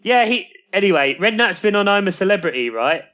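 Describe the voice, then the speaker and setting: Casting: bantering male podcast co-host, slightly high voice, dull lo-fi recording. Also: sing-song, brisk, bright, forceful tone. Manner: laughing, self-mocking banter. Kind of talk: casual chat.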